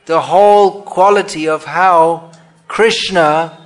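A man's voice: a little high, fairly even intonation, slow pace. A man giving a devotional talk on scripture, thoughtful and self-correcting, sometimes acting out the scenes he explains.

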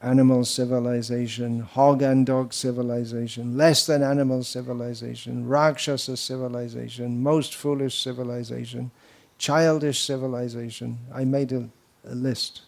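A man delivering a devotional lecture to a gathered audience. He talks in a loose, rambling way, full of anecdotes and teasing asides, his voice sitting at an ordinary middle pitch. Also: level tone, moderate pace, vocal fry, a little mellow. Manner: wandering, anecdotal, with mocking asides. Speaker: spiritual teacher.

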